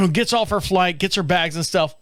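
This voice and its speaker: A man tells a casual story on his own show, lively and laughing as he acts out the people in it. His voice sits a little high for a man. It is recorded close and dry. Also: measured pace, gravelly, dry recording. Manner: animated, acts out quoted voices, laughs often. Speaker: podcast host.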